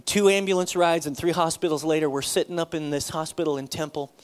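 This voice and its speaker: High-voiced pastor telling a story. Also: male voice, fast talker. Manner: animated, acts out dialogue with sudden loud high bursts. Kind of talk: sermon storytelling.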